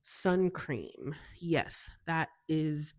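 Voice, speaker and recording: Young american woman, low voice, bubbly and gushy, just chatting away. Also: animated, extremely slow. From United States. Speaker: podcast host. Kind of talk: casual solo chat.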